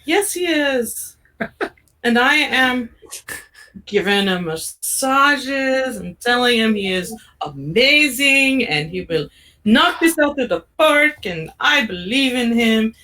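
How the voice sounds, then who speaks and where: A woman plays her character in a tabletop game, her voice high and bright. She talks slowly, with a lively, teasing lilt. She sounds a little far from the mic. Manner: playful, teasing. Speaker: player.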